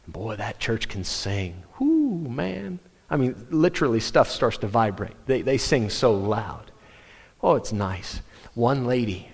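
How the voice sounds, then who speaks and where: A man preaching a sermon, telling stories animatedly with quick restarts. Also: medium pitch, vocal fry, a little hiss or hum. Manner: animated storytelling, self-interrupting restarts. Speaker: pastor. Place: church sanctuary. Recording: long hall reverb.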